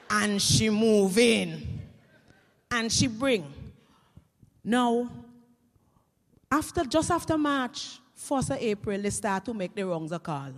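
A woman telling comic stories in lively creole, dropping to a hush and rising to loud punchlines. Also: mid-range voice, measured pace. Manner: lively creole storytelling, swings from hushed to loud. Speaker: storyteller. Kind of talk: comic storytelling. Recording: echoey hall reverb.

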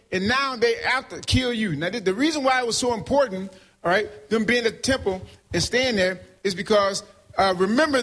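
A man preaching a sermon, leading call and response and asking "right?" after nearly every point, swinging between loud and soft. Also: high voice. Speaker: pastor.

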